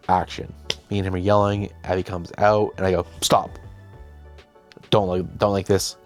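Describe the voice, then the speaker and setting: A man's voice: low voice, level tone, takes it slowly, long pauses, faint music behind. A young man hosting, casually telling a behind-the-scenes story, chatty and self-deprecating, often quoting himself and others. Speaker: host.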